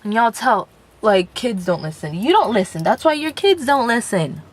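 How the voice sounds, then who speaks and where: A woman's voice: fairly high pitch, sing-song, normal speed, a little hiss or hum. A young woman in her late teens, rambling through a casual vlog rant from inside a car, full of fillers. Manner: rambling, chatty, filler-heavy. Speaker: vlogger.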